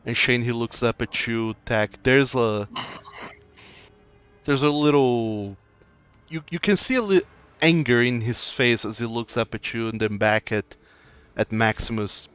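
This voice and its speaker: A man's voice: medium pitch, unhurried, pauses often, a bit bright, clean tone, faint music behind. A man acting as game master, narrating a tabletop game in a loose, descriptive way. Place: home streaming setup.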